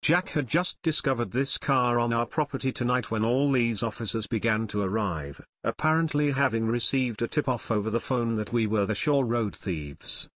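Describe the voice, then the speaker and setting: A man's voice: medium pitch, normal speed, few pauses, a bit bright, no echo, close to an everyday voice. A man voicing a worn, middle-aged farmer who explains an accusation grimly. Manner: grim.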